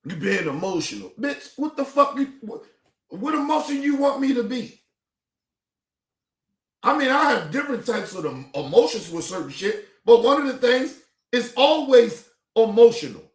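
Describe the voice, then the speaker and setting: A man's voice: very high-pitched, big pitch swings, normal speed. A man hosting a stream, reacting to a clip in a heated, profane rant full of repetition. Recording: echoey room.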